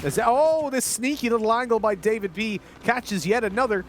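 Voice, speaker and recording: A man with a fairly high voice gives relaxed color commentary on an esports match, mixing analysis with jokes. Faint game sounds play under his voice. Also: normal speed, slight background noise. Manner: laid-back, jokey analysis. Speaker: esports co-caster.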